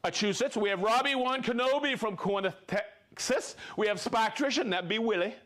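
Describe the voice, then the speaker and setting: A man's voice: sits high, moderate pace, a bit bright. A man hosting a live stream, cheerfully reading out viewer names and places and joking between them. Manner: upbeat, reads viewer names and places, jokes and laughs. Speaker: livestream host. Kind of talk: live-stream shout-outs.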